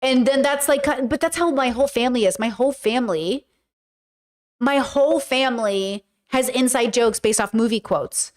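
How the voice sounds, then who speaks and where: Speaking at normal speed, this high-voiced YouTuber and podcast host responds to viewer comments in a laid-back commentary video. Her talk is animated and filler-heavy, with frequent dips into playful impersonations.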